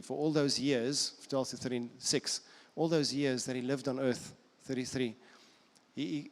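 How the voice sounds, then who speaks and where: South African pastor preaching in reverberant hall. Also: male voice, medium pitch. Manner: earnest, repeats phrases for emphasis. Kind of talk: sermon. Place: church auditorium. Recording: long church hall reverb.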